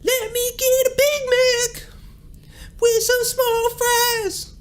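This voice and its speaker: A shrill falsetto rock-star wail. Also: male voice, level tone, slow. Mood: mocking. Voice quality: high strained falsetto wail. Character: shrill falsetto male rock singer, over the top. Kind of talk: mocking impression.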